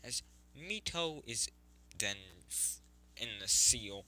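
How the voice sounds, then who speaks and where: A man's voice: medium pitch, expressive, slow, sharp tone, low-quality recording. A man improvising a fan story narration, rambling with frequent self-corrections.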